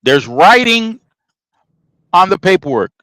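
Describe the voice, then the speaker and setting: Animated man telling a story, dry sound. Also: high voice, slow pace, no room sound, low-quality recording. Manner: animated storyteller acting out dialogue, emphatic. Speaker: podcast host telling a trucking story. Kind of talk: casual storytelling.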